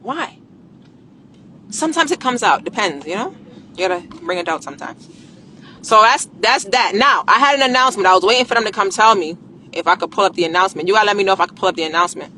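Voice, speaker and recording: A woman talking casually on a live stream, coaching viewers on business and credit in a blunt, animated, slangy way and swearing freely. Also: medium pitch, quick pace, a little hiss or hum.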